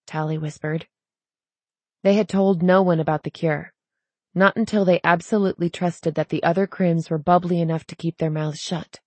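A woman narrating a novel in a calm, measured, quiet way. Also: lowish voice, no echo. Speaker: audiobook narrator. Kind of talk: scripted narration.

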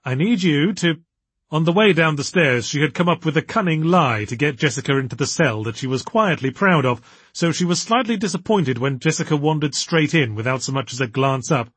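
A man narrating an audiobook story in measured storytelling tones with a husky voice. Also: on the high side, lively intonation, a bit bright, dry recording.

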